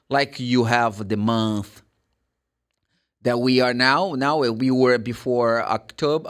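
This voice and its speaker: A man with a Brazilian Portuguese accent teaching English pronunciation, repeating words slowly to model the sounds and often correcting himself. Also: mid-range voice, a bit bright. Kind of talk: pronunciation lesson.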